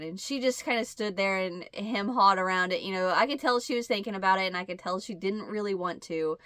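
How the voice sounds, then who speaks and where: A woman with a Midwestern American accent, hosting a crochet channel and telling a rambling story in casual chat, acting out bits of dialogue in a higher voice. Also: brisk, a bit bright, dry recording, clean studio sound.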